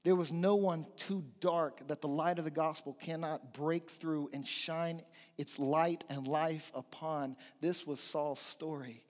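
A man's voice: fairly high pitch, fairly even intonation, a little slow, darkish tone, big-room sound. A man preaching a sermon as pastor, earnest and emphatic, building points through repetition.

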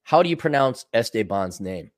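A man's voice: mid-range voice, big pitch swings, normal speed. A man co-hosting a podcast in crude, joking casual chat. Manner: crude, joking, mimics accents. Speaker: podcast co-host.

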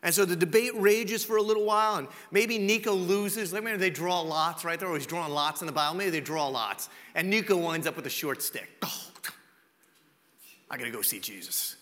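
A male pastor preaching a sermon, telling the story in an animated, conversational way with rhetorical questions. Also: sits high, fairly quick, few pauses. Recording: echoey hall reverb.

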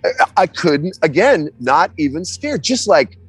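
A man's voice: on the high side, measured pace, slightly rough, no room sound. Man telling a story with heavy swearing. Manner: profane, animated storytelling with many restarts. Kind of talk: casual chat.

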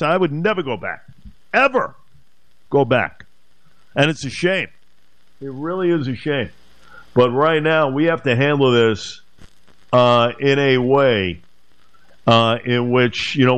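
A man's voice: medium pitch, measured pace, a bit bright, smooth, no echo. A man hosting a talk radio show, speaking emphatically and indignantly, repeating his points.

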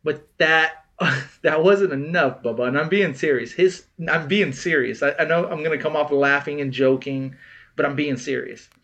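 A man co-hosting a casual podcast, swearing freely and loudly acting out friends' lines as he tells a story. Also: fairly high pitch, moderate pace, highs cut off. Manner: animated storyteller, acts out quoted friends loudly, laughs, swears. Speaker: podcast co-host. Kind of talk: casual chat.

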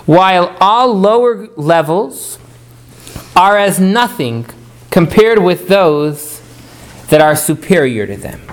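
A man's voice: high-pitched, lively intonation, takes it slowly. A man teaching a Torah class, often repeating words as he starts and putting questions to his listeners.

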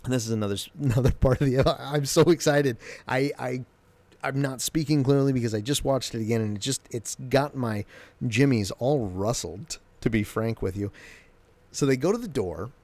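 A man's voice: mid-range voice, normal speed, no room sound. Guy rambling thru a tv episode recap, all fired up, lots of ums, dry close mic. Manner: rambling and excitable, with many fillers and restarts. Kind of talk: casual spoken episode recap.

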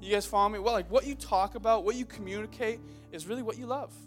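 A young male pastor in his twenties gives a lively, loud sermon, cracking jokes and calling out to the congregation. His voice sits high. A faint guitar plays behind him in the church. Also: fast. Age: 20s. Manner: loud, joking, calls out to the crowd. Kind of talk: energetic sermon. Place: church hall.

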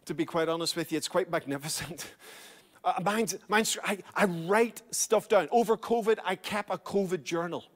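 Man, middle-aged, preacher, sermon, exhorting, repeats lines, high voice. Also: moderate pace. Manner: urgent exhorting preacher, repeats key phrases. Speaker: pastor.

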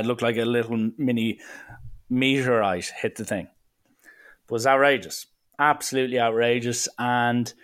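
A young man telling a funny anecdote in a casual, animated way, slipping into voices now and then. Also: mid-range voice. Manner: lively, animated, breaks into voices. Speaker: storyteller.

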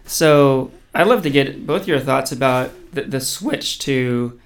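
A man's voice: medium pitch, slow. A man hosting a casual podcast chat, thoughtful and often restarting his phrases. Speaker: podcast host.

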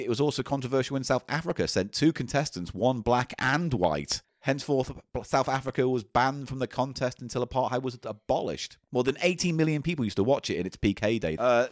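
A man's voice: mid-range voice, lively intonation, fairly quick, hardly any pauses, dry recording, clean studio sound. A man co-hosting a comedy podcast, reading out facts loosely with cheeky asides. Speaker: podcast co-host. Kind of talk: casual comedy podcast chat.

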